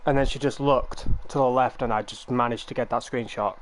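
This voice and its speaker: A young man talking to his viewers on a live game stream. He speaks at a middle pitch and wanders through long, meandering explanations. He sounds casual and unhurried. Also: fairly even intonation.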